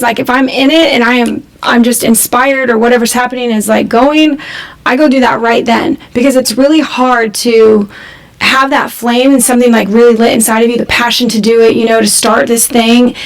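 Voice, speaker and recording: Gravelly-voiced woman chatting casually. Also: on the high side, a little fast. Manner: animated, swears freely, acts out her own thoughts. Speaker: podcast co-host. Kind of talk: casual chat.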